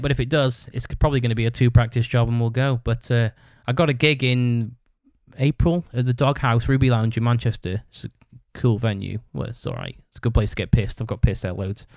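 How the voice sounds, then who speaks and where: A man's voice: medium pitch, fairly quick, no echo. Blunt, foul-mouthed man telling a story. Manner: blunt, heavily profane, rambling with restarts. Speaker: podcast host. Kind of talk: casual storytelling monologue.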